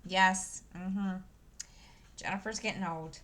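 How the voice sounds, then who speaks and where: Slow, rambling woman in her fifties. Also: mid-range voice, steady tone, fairly bright tone. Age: 50s. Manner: rambling, many fillers and restarts. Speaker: crafting channel host. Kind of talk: casual chat while stitching. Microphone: desk microphone.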